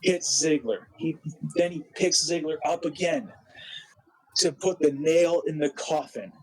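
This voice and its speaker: A man narrating a wrestling simulation game with an excited play-by-play recap, animated and full of restarts. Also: on the high side, husky, rough recording. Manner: animated, quick, with frequent restarts.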